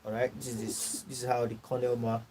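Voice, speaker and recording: A man with a Nigerian English accent teaching a course class, repeating his points, clearing his throat and checking in with "all right" and "you know". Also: mid-range voice, little pitch movement, fairly quick, a little mellow, slight background noise, rough recording. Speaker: course tutor. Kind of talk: classroom lecture.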